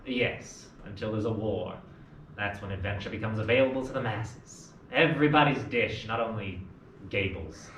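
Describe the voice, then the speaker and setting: A restless young son, played by a young actor talks in a bright, edgy voice about wanting out. He is heard from a distance in a room with a strong echo. A faint hiss runs underneath. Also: on the low side, moderate pace, close to an everyday voice. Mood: wistful. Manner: wistful, then urgent and agitated. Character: restless young man, itching to leave home. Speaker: student actor. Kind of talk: stage play scene. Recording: echoey room from far off.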